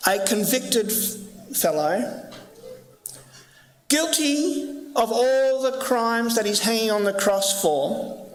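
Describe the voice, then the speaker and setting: A man's voice: very high-pitched, fairly bright tone. A man preaching a sermon as pastor, earnest and emphatic, with lots of repetition. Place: church sanctuary. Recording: echoey church hall reverb.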